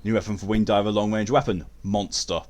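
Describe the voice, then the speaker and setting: Brief: young guy, live game streamer, crude and jokey, a slightly low voice. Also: fairly even intonation, brisk, darkish tone. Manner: crude, joking, reads out chat. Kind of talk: casual live-stream chat.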